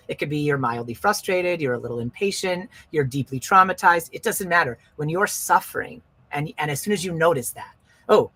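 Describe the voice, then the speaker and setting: Husky-voiced man coaching earnestly. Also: fairly high pitch, pushed and bright. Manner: earnest, emphatic, repeats key phrases. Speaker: wellness podcast host. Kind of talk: coaching talk on a podcast.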